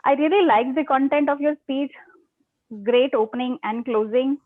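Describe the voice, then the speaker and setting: A woman evaluates a speaker in a warm, appreciative tone. Her voice sits slightly high and comes through a tinny, phone-like connection. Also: moderate pace. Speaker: speech evaluator. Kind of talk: speech evaluation at a club meeting.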